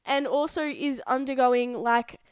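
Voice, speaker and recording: A young adult woman co-hosting a podcast in casual chat, bubbly and teasing, quick to laugh. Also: sits high, animated, clear, resonant tone, dry recording, studio quality. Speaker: podcast co-host.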